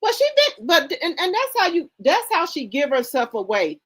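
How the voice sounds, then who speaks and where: A woman hosting a gossip channel, speaking in a high voice. Her pitch swoops widely as she builds indignant, sassy commentary. She often repeats phrases to hammer a point home. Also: wildly swooping pitch, moderate pace. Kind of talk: casual commentary reading posts aloud.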